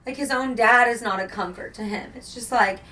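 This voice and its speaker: A woman's voice: a little high, brisk, bright, forceful tone, distant mic, a little hiss or hum. A woman book vlogger reacting emotionally to a novel in casual talk, gushing and full of "like". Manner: gushing and emotional, heavy filler "like". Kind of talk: casual reading-vlog reactions.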